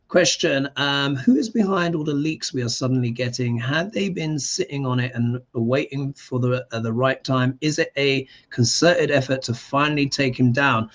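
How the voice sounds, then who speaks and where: Chatty astrologer hosting a live stream. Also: male voice, mid-range voice. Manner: chatty, animated, reads viewer comments aloud. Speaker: astrologer and live show host. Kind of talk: live-stream chat reading.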